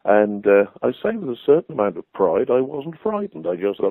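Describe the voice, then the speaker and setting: A man telling a vivid anecdote as a guest, animated and expressive, heard over a dry, phone-like line. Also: medium pitch, normal speed, hardly any pauses, dry recording. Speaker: storytelling guest. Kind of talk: anecdotal storytelling.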